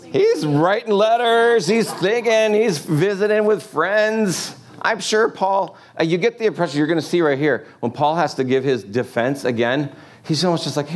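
A man's voice: fairly high pitch, normal speed. A man preaching a sermon in a casual, joking way, asking the congregation lots of rhetorical questions. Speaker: pastor.

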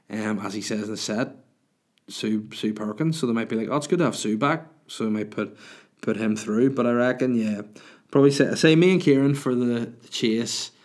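Here a man with a mid-range, darkish voice runs his own podcast as host and comedian. The talk is casual solo chat built around listener questions.

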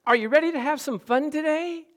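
A woman's voice: lowish voice, lively intonation, fast talker, natural voice. A man voicing an overly cheerful female dental hygienist, bubbly and gushing. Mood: chirpy.

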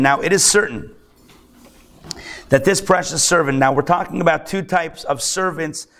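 A man teaching a live class as a rabbi, animated, acting out the voices of people he describes. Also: fairly high pitch. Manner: animated, acts out excited and grumbling voices. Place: lecture room with a live audience.

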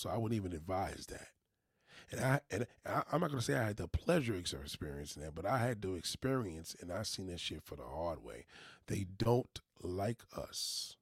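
A man's voice: on the low side, vocal fry, breathy edge, dry recording, studio quality. A man with a New York accent, talking to his viewers in a loose, profane, rambling way with motivational asides. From New York City. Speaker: vlogger. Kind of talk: casual monologue to viewers.

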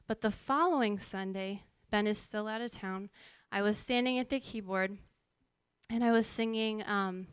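A woman's voice: mid-range voice, fairly even intonation, moderate pace, clean tone, dry recording. A woman worship pastor in her thirties telling a personal story in a casual, conversational way, full of fillers and asides. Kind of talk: personal testimony.

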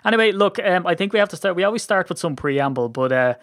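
A man hosting a sports podcast in casual chat, jokey and teasing, feeling a bit rough. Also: high-pitched, animated, a bit bright, no room sound. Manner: chatty, jokey, quick to tease. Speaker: podcast host.

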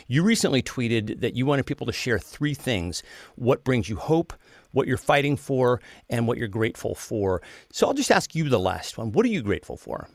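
A man hosting a podcast interview, relaxed and chatty, often repeating words as he goes. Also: medium pitch, normal speed, dry recording, studio quality. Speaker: podcast host. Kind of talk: casual interview.

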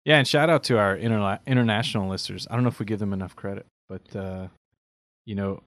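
Low-voiced man, easygoing podcast chat. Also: fast, no echo. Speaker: podcast co-host. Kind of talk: casual chat.

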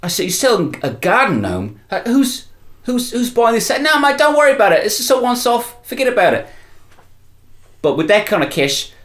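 A man's voice: sing-song, a little fast, fairly bright tone. A man improvising a proud, boastful male New Zealand crime boss with a put-on New Zealand accent in a comedy interview. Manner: chirpy, cocky, swoops up high on boasts.

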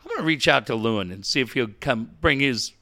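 A middle-aged man co-hosting a radio talk show, telling animated stories and swearing casually. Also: medium pitch, fast. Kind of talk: casual chat.

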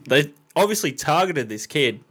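A man's voice: a little high, sing-song, moderate pace, a bit bright, husky. A young Australian man co-hosting a podcast in casual banter, teasing dryly and swearing often. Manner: dry teasing, frequent swearing. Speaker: podcast co-host.

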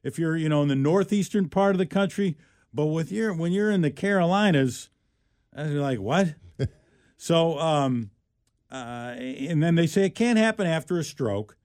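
A male talk-radio co-host with a slightly higher voice tells a strange news story in a loose, joking way, stumbling and restarting as he goes. His voice is picked up close and dry, with no room sound. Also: animated, moderate pace, darkish tone, no echo. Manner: rambling, restarts often, joking. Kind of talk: casual talk radio banter.

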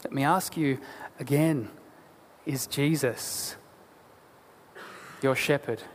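A man preaching a sermon as a pastor, earnest and deliberate, asking rhetorical questions. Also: medium pitch, a little hiss or hum. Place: church. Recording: long church hall reverb.

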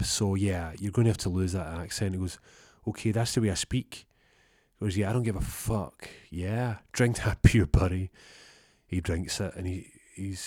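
A young man telling a rambling comic story, deadpan, acting out both sides of the conversation. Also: fairly low pitch, dry recording, studio quality. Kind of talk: comic storytelling with acted-out dialogue.

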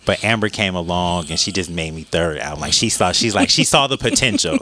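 A man co-hosting a podcast in casual chat, loud and playful, swearing freely and yelling at times. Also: sits low, expressive, fairly quick, hardly any pauses, crowd noise. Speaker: podcast co-host.

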